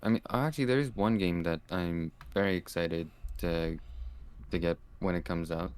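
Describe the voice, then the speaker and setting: Calm Canadian male guest, very deep and smooth, unhurried and hesitant. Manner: calm, hesitant, many fillers. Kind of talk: casual interview chat.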